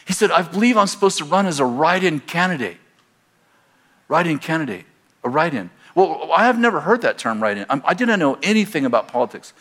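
A man's voice: fairly high pitch, fairly quick. Man telling a story in a sermon. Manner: animated storytelling, acting out both sides of dialogue with laughter. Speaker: pastor. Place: church.

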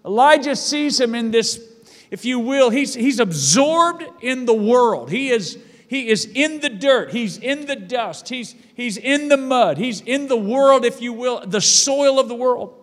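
A man's voice: extremely high pitch, expressive, measured pace, long reverb tail. A male pastor delivering a sermon in a church, emphatic and repeating his phrases for weight.

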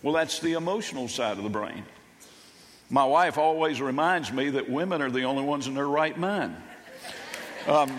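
An older man preaching a sermon as pastor, folksy and halting, with many restarts. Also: on the high side, fairly bright tone. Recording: long reverb of a church hall.

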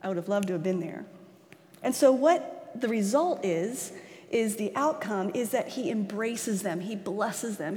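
Animated woman preaching in a reverberant hall. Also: mid-range voice, measured pace. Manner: animated, acts out quoted voices, laughs easily. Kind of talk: conversational sermon.

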